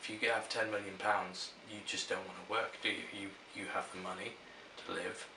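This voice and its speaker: A man's voice: deep voice, flat delivery, brisk, gravelly, background noise. A young man chatting casually to camera, answering question prompts and rambling through stories with restarts. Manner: rambling, storytelling, self-interrupting. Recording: echoey room, mic at a distance.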